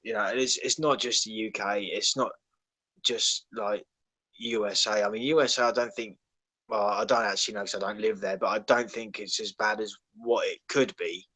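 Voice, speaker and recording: A man's voice: lowish voice, steady tone, moderate pace, sharp tone, slightly rough, no room sound. A man talking casually on a livestream call, laid-back and profane. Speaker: guest. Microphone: call microphone.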